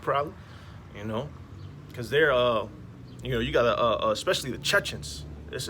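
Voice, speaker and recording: A man's voice: mid-range voice, fairly bright tone. A man street preaching in a slangy, emphatic way, peppering his talk with "man, all right?" outdoors beside passing traffic.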